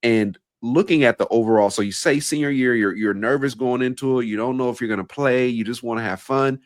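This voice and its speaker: A man's voice: medium pitch, fairly quick, no room sound, studio quality. A man hosting an interview who recaps his guest's story before asking a question. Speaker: podcast host and coach.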